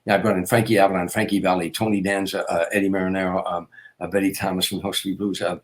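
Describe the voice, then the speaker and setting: An older man with a fairly low voice tells a long personal story. He is earnest and rambling, restarting sentences as he goes. He speaks as a guest comedian in a casual interview. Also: flat delivery, quick pace. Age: 60s.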